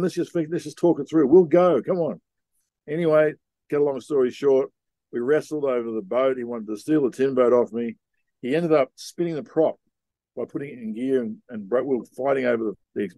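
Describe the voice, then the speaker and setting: A middle-aged man, telling a story in a relaxed, rambling way with slang, as a podcast guest. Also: medium pitch, no echo. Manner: laid-back, rambling, with Aussie slang. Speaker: podcast guest, sea captain. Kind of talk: casual storytelling.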